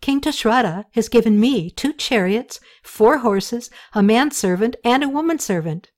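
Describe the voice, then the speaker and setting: A brisk young woman in an audiobook who speaks plainly and firmly with a teasing edge, voiced in the narrator's own tone. Her manner is direct and even. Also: a little high, pitched above the performer's own voice, natural voice.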